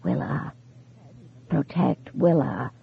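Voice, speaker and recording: A narrator voicing a dead husband's faint, whispery, vibrating voice on a telephone, slow and fading. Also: medium pitch, vocal fry, slightly rough, exaggerated voice. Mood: eerie whisper. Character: ghostly dead husband whispering over a phone. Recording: tinny phone-like sound.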